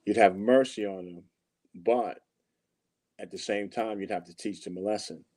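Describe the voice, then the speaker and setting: Low-voiced man answering thoughtfully. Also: mellow. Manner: measured and thoughtful, with frequent ums. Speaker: podcast co-host in a scripture discussion. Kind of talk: casual scripture discussion.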